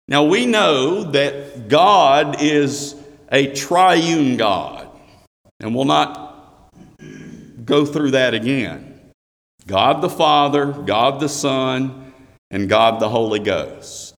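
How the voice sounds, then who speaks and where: A man preaching a sermon. He reads scripture aloud in a raised voice, then explains it slowly. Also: medium pitch, lively intonation, a bit bright, in a large hall.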